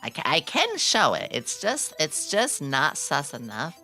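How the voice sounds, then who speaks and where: A young woman chats on stream in a low but bright, forceful voice that swoops up and down constantly. She is excitable and giggly, swears casually and answers her chat. Faint music plays behind her. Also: unhurried. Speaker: VTuber streamer.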